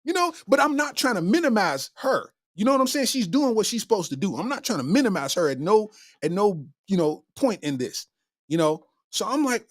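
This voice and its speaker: This Kentucky comedian host, high-pitched and brisk, spins a humorous story with a voice that leaps around and animated reenactments of how he reacted. It's casual storytelling on a dry, close mic without echo.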